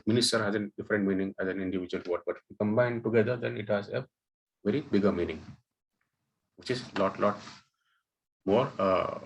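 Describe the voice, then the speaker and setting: A man's voice: on the low side, a little hiss or hum, poor audio. A man teaching a webinar, explaining terms step by step and often checking in with "okay" and "guys". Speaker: data science instructor. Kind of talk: webinar lecture.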